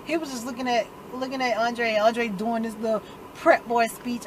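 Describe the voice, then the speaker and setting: A woman recapping a TV episode in casual chat, retelling scenes through animated quoted voices in a dialect. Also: fairly high pitch, normal speed, noisy background. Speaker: TV recap vlogger.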